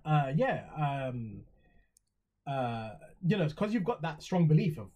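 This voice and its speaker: A man's voice: a little high, sing-song, unhurried, lo-fi sound. A young English man talking in a reflective, rambling way on a casual podcast, with many fillers and restarts. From England. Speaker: podcast co-host.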